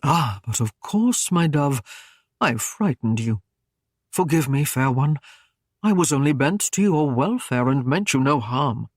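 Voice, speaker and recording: Male narrator doing a coaxing knight, flattering, dry close sound, audiobook. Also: medium pitch, unhurried, no echo. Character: smooth-talking knight wooing a woman.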